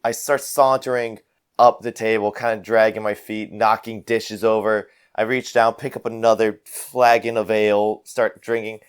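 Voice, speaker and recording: Low-voiced man playing a tabletop game. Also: level tone, normal speed, clean tone. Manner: casual, searching for words. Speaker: player.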